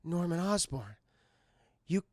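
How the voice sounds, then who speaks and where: A man's voice: high voice, big pitch swings, takes it slowly, a little mellow, no echo, clean studio sound, voice pushed down, heavily acted. A man voicing an angry young male hero accusing a villain.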